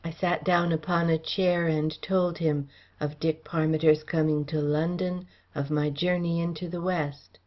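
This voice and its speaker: A woman narrates a classic adventure novel in a steady, formal manner. Her voice sits low for a woman, and the recording sounds dull and lo-fi. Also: unhurried. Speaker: audiobook reader.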